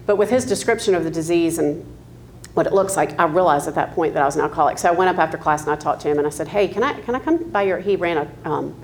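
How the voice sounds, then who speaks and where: A woman in her fifties from the American South tells her story in a low-pitched, candid voice. She talks casually with ums and light laughs, and a faint noise sits behind her. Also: quick pace, a little mellow. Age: 50s. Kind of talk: personal testimony.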